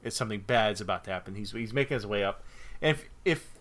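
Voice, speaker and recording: A man's voice: fairly low pitch, fast talker, a bit bright. Methodical, exasperated male podcaster. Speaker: podcast co-host. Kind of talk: casual chat, retelling a film plot.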